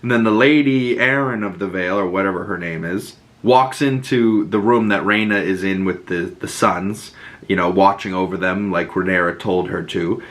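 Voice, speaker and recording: A man's voice: low-pitched, normal speed, a bit bright. A young man hosting a podcast, recapping a TV episode in a loose, profane, filler-heavy casual way. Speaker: podcast host.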